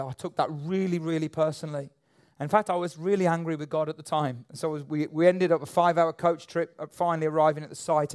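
A man's voice: fairly high pitch, a little mellow, smooth. A man preaching a sermon in a church auditorium, emphatic and repetitive. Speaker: pastor.

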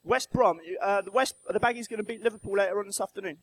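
A man from Brighton, giving a storytelling talk in church and quizzing the audience with questions. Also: high-pitched, fast, poor audio. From Brighton, England. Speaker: church speaker. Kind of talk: lively children's talk in church.

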